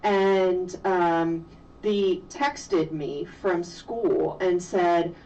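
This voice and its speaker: A middle-aged woman, a physician and mother, telling a personal story slowly and reflectively in an interview. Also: lowish voice, steady tone, a little mellow. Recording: distant, dull lo-fi sound with faint noise.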